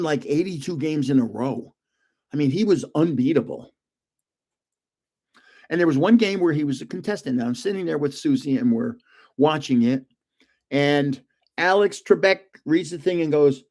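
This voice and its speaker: An older man with a slightly higher voice hosts a relaxed livestream from his home. He rambles through personal stories and chuckles often between lines. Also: normal speed. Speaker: livestream host. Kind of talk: casual storytelling livestream.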